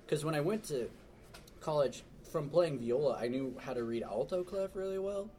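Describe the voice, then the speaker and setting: A man's voice: fairly high pitch, normal speed, a little hiss or hum. A man telling stories in a casual chat, acting out what people said. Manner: animated storyteller, mimics quoted people.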